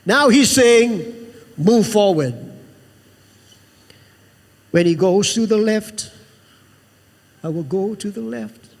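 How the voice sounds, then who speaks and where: Male pastor, very high voice, emphatic sermon delivery with call-and-response, long hall reverb. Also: slow, pauses often. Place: church sanctuary.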